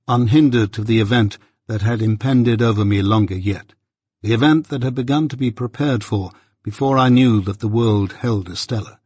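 Husky-voiced male audiobook narrator. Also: on the low side, darkish tone, no echo, studio quality. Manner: measured, earnest storytelling. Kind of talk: scripted narration of a classic novel.

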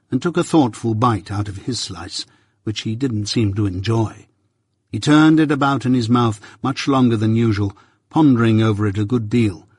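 Audiobook narrator, male, husky, measured storytelling. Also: medium pitch, dry recording, clean studio sound. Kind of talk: scripted narration of a classic novel.

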